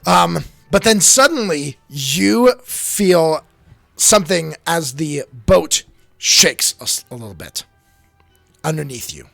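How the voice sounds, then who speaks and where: Animated man narrating as game master. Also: fairly high pitch, slow, gravelly, no room sound, faint music behind.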